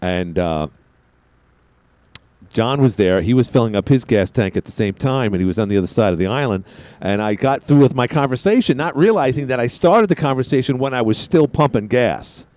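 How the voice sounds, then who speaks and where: A man's voice: fairly quick, no room sound. Rambling, self-mocking male radio host. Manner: rambling, self-mocking storyteller with lively pitch swings. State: a little out of breath. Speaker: radio talk show host. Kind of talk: casual radio monologue.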